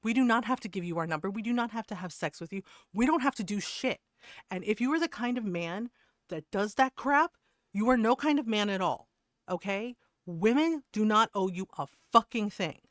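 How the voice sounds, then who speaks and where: A woman's voice: medium pitch, expressive, moderate pace, no room sound, clean studio sound. A woman streamer ranting to her chat in a heated, profane way, laughing between points. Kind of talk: casual rant to stream chat.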